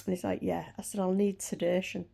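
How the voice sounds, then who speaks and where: Woman in her 60s, gravelly, mellow, chatty rant to camera. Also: medium pitch, flat delivery, fast talker. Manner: chatty, ranting, frank. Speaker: vlogger. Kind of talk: casual chat to camera.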